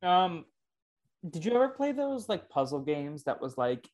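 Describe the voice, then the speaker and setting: A man's voice: on the high side, very animated, unhurried, a little mellow. Chatty man, casual podcast co-host. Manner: loose and enthusiastic, filler-heavy.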